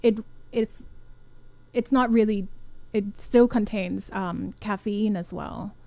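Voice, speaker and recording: A woman's voice: medium pitch, steady tone, takes it slowly, gravelly, darkish tone, no room sound. A woman radio DJ hosting a talk show, asking listeners' questions in a chatty, hesitant way with many fillers. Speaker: radio DJ host.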